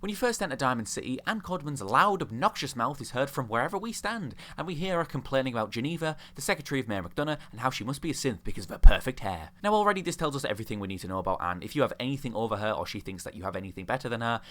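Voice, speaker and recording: A man's voice: mid-range voice, sing-song, very fast, hardly any pauses, sharp tone. A young man giving sarcastic, ranting commentary on a video game, mocking the characters he talks about. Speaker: video host.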